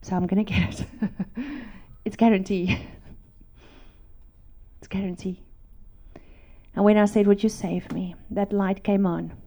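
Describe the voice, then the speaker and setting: Woman preaching her testimony, hushed then emphatic. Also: medium pitch, fairly even intonation, a little slow, pauses often. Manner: drops to hushed whispers, then rises to emphatic repetition. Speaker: Christian speaker giving a testimony. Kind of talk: emotional testimony sermon.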